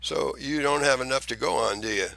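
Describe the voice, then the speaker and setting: Gravelly, sharp-voiced ranting man. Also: mid-range voice, a little fast, no echo. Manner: heated, profane, accusing. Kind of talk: angry ranting monologue.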